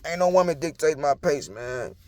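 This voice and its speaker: A young man delivers a casual, preachy monologue, blunt and full of profanity. His voice sits high for a man. The sound is close and dry, with no room echo. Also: lively intonation, normal speed, a little mellow. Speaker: commentator.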